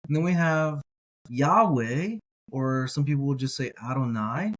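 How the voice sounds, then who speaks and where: A man leads a slow Hebrew reading lesson. His pace is unhurried and deliberate, and he sounds out each word several times. He stops to correct his own slips. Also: medium pitch. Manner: careful, self-correcting. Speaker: teacher.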